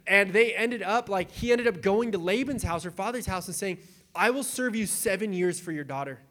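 A young adult man preaching in a casual, animated way, retelling scripture with acted-out quotes. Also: high voice, moderate pace. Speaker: pastor.

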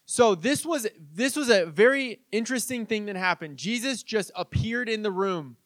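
Male pastor, high voice, dry close sound, casual storytelling sermon. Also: moderate pace, no room sound. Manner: conversational storytelling with animated quoted voices.

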